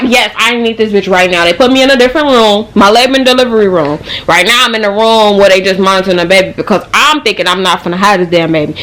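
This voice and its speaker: A young woman vlogger telling a casual, profanity-laced story in slang, animated and fast-moving. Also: medium pitch.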